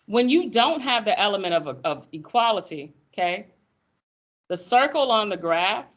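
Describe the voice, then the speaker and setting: A woman teaching math in a classroom, lively and folksy, teasing her students as she explains. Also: medium pitch, normal speed, muffled recording. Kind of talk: classroom lecture.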